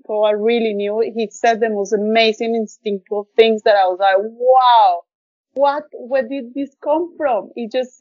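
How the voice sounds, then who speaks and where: A woman's voice: fairly high pitch, no echo, lo-fi sound. A woman guest on a podcast, telling a personal story in an effusive, heartfelt way with plenty of fillers. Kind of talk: casual storytelling interview.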